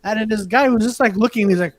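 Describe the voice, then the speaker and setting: High-voiced man, rambling. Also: fast talker. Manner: rambling, mixes French phrases. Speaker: podcast co-host. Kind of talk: casual podcast banter.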